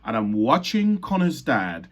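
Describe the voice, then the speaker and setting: A man's voice: medium pitch, sing-song, a little slow. A young man born in Uganda telling a personal story in an earnest, reflective way, often stopping to correct himself mid-sentence. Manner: earnest, reflective, with frequent restarts and self-corrections. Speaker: speaker sharing his life story.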